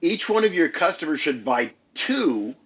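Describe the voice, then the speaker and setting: A man with a husky, fairly high voice talks easily about serving the song, heard over dull, lo-fi remote audio. Faint guitar music sits under him. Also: sing-song, normal speed, fairly bright tone. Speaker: guitar company representative. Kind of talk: casual product demo chat.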